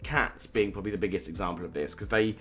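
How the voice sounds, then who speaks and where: A man's voice: low voice, quick pace, a bit bright. A man co-hosting a casual film podcast, talking in opinionated bursts with frequent restarts. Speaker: podcast co-host. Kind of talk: casual film review chat.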